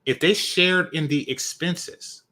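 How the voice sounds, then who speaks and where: A man's voice: a little high, slow pace, pushed and bright. A man hosting a reaction channel, giving opinionated commentary with emphatic repetitions. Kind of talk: commentary on a video.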